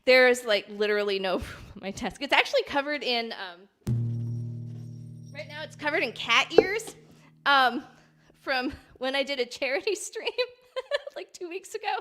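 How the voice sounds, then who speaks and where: A woman's voice: high-pitched, lively intonation, normal speed, long pauses, fairly bright tone, soft background music. A woman chatting casually at her home desk during a live stream, rambling with lots of ums and little laughs. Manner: rambling and giggly, many ums. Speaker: filk singer and streamer. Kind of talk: chatty live-stream banter between songs.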